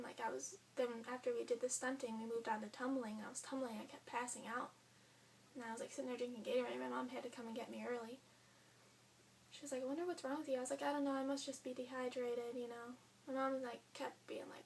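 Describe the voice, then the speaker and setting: Young woman vlogger, high gravelly voice, chatty storytelling, a bit off-mic with faint hum. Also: recorded from a distance. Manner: chatty, frequent "like", quoting others in her own voice. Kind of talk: casual storytelling.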